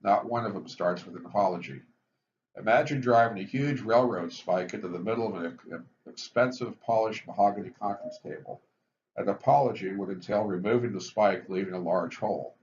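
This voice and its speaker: A man with a low voice gives a measured lecture on the steps of recovery and puts weight on each heading. The recording sounds dull and lo-fi, with faint hiss behind him. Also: a little mellow. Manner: measured, explanatory, stresses step headings. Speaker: physician teaching addiction recovery.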